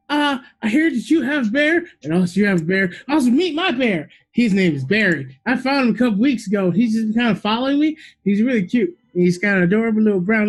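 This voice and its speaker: A man playing a tabletop game, rambling casually with many fillers as he describes his character. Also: very high voice. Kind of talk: in-character role-play chat.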